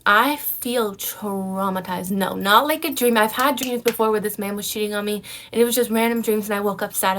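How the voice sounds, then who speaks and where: A young woman talking straight to her viewers in relaxed, chatty storytelling. She keeps dropping "like" and checking in with "right?" as she goes. Her voice sits at an ordinary pitch for a woman. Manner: animated storytelling, frequent "like" and "right?" fillers. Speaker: vlogger. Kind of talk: casual storytelling.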